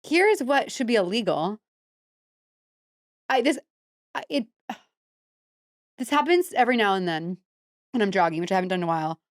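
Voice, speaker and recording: A woman's voice: medium pitch, animated, moderate pace, long pauses, dry recording, studio quality. A woman co-hosting a podcast in casual chat, blunt and jokey. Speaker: podcast co-host.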